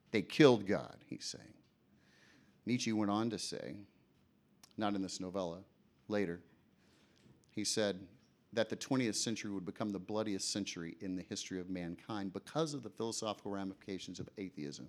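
A man's voice: sits low, moderate pace. A male preacher giving a sermon in a conversational way, often asking the audience questions.

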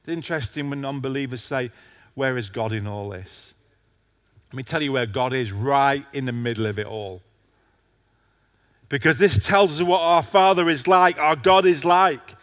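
A man's voice: medium pitch, normal speed, a bit bright, in a large hall. A male pastor preaching a passionate sermon to a congregation, his intensity rising and falling.

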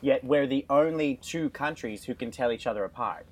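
A man's voice: mid-range voice, moderate pace. A man from Australia with an Australian accent in a casual chat, teasing and laughing easily.

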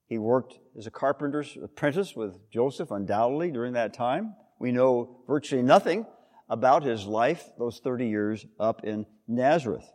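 A man preaching a sermon, explaining scripture with rhetorical questions and an expressive delivery. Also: mid-range voice, normal speed, big-room sound.

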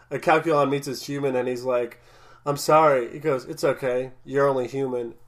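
A man chatting casually as a podcast co-host, recapping an episode with many restarts and frequent laughs. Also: mid-range voice.

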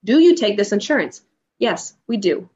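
A woman in her thirties tells her own story as a podcast guest. She is emotional and animated and acts out the lines of the people in it. The recording sounds dull and lo-fi. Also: mid-range voice, moderate pace, breathy edge. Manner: emotional, animated retelling with acted-out dialogue. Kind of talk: personal storytelling in an interview.

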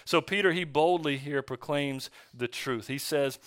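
Male pastor, sermon, bright tense voice, dry close sound, easygoing storytelling. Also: fairly high pitch, a little slow, few pauses, no room sound. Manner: relaxed storytelling with fillers and restarts. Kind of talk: conversational sermon. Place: church.

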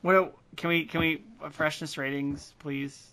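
A man's voice: fairly high pitch, flat delivery, a little slow, pushed and bright. A man co-hosting a podcast in casual chat, joking and swearing freely. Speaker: podcast co-host.

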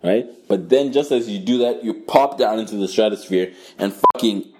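A man running an improvised storytelling game as game master, crude, profane and animated. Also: lowish voice, normal speed, noisy background.

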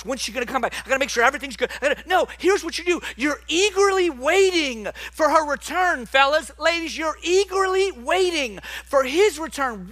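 Delivering a sermon, an animated young man alternates between quiet, soft passages and loud bursts of emphasis. His voice is very high.

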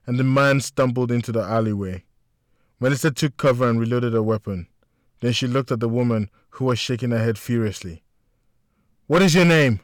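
An audiobook narrator, a man, reads an action novel aloud in a steady, measured storytelling voice. His pitch is medium, and the scripted narration is studio quality with no room sound.

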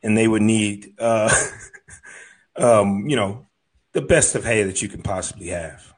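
Lower-voiced man with halting delivery. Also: slightly rough. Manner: halting, full of fillers. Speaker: improv performer. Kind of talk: improv comedy scene.

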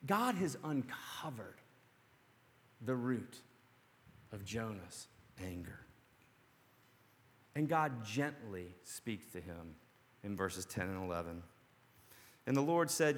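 A man preaching a sermon, dramatic and storytelling, dropping to a hush and then rising to shouts. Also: mid-range voice, very animated, a little slow. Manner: dramatic, swings from hushed to shouting. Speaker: pastor. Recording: long hall reverb.

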